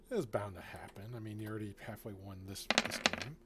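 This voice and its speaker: A man acting as game master, narrating a tabletop game in a relaxed way, often chuckling and filling his talk with ums and uhs. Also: on the low side, normal speed, heavy background noise. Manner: relaxed, chuckling, with filler-heavy asides.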